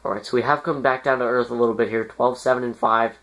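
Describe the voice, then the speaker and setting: Talking fast in a steady, fairly bright, medium-pitched voice, a man rambles casually over a hockey management game for his YouTube channel. He fills it with filler words and breaks into sudden fits of exasperation.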